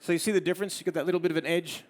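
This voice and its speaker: Australian male presenter, fairly high voice, live photo demo, drops to soft murmurs when directing the model. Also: fairly even intonation, very fast. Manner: coaxing a model with soft murmured praise between explanations. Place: studio demo before an audience.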